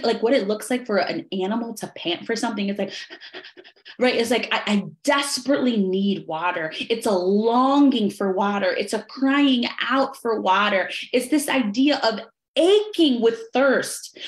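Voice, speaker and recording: A woman's voice: fairly high pitch, reverberant. A woman leading an online Bible study, teaching with fervent repetition and frequent "right?" asides. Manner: fervent, repeats phrases, says "right?" often.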